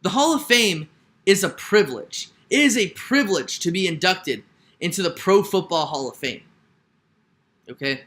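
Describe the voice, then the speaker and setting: A man's voice: high-pitched, expressive, normal speed, fairly bright tone. A young man delivering an emphatic sports opinion rant, repeating his points and tagging lines with "right?". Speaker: sports commentator. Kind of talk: ranting opinion monologue.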